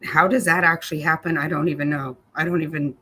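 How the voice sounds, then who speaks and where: A woman's voice: sits low, steady tone, quick pace, very noisy. A woman hosting a casual livestream, answering viewers by name in a blunt, angry way and swearing freely. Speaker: livestream host reading chat. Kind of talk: casual live chat commentary.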